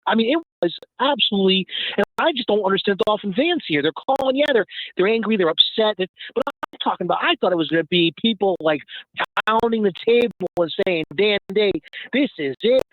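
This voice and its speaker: A man co-hosting sports talk radio, emphatic and stirring things up. His voice runs high and comes through thin and phone-like, with no room in it. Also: expressive, fairly quick, no room sound. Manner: emphatic, pushing for angry callers. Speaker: radio co-host. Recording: tinny narrow-band line.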